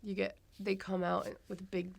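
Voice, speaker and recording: Giggly gravelly-voiced Midwestern woman. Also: medium pitch, completely flat delivery, normal speed, slight background noise. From Ohio, USA. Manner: giggly, rambling, self-deprecating. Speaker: actress guest. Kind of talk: casual interview chat.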